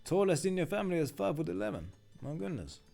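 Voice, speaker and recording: A rambling, chatty male streamer talks over his game with a mellow, warm tone. His pitch swings about animatedly as he muses, and faint music plays behind him. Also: very animated, quick pace, gravelly. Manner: rambling, chatty, many fillers. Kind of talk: casual game commentary.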